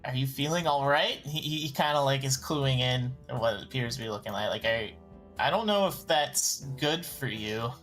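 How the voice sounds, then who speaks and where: A man's voice: mid-range voice, moderate pace, a bit bright, faint music behind, close to an everyday voice. Courteous, hesitant male traveler, played by a man in a tabletop game, mid-range voice.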